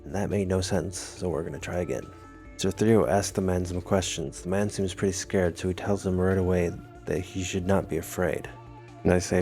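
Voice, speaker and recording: A man's voice: low voice, fairly even intonation, moderate pace, dark tone, faint music behind. A man reading a text adventure game aloud, adding wry, amused comments of his own. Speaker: gamer.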